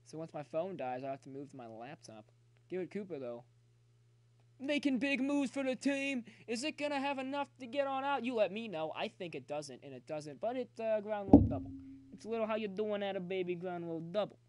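A man's voice: high voice, brisk, slight background noise. A young man streaming a baseball video game, commenting live, cheering his players and chatting to his viewers. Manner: excitable, talks to chat, cheers players on. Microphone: phone.

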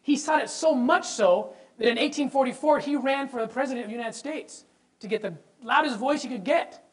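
Poor audio captures a presenter, a man with a very high-pitched voice and a brisk pace, giving a passionate lecture on religious history. He speaks emphatically, throws rhetorical questions at listeners, and doubles up words when his excitement rises.

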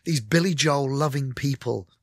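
A man's voice: mid-range voice, moderate pace, husky, no echo, clean studio sound. A middle-aged man, a musician, telling candid stories in a radio interview and acting out the conversations. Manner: animated, candid storyteller who acts out conversations. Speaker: musician guest.

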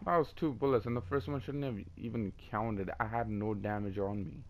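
A man's voice: fairly low pitch, a little fast, a crowd in the background. A young man swearing in frustration as he comments on his own shooter gameplay. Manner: profane, exasperated, yelling in frustration. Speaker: gaming YouTuber. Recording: game gunfire behind voice.

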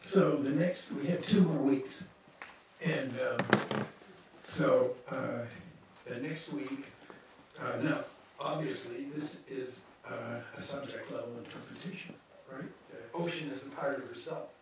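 A man giving a seminar lecture, telling a case story and voicing the people in it with hesitant restarts. His voice sits at an ordinary pitch for a man. It comes from a distance in a very echoey hall over a faint hiss. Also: unhurried. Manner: lively storyteller who acts out the people he quotes. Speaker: psychologist leading a seminar.

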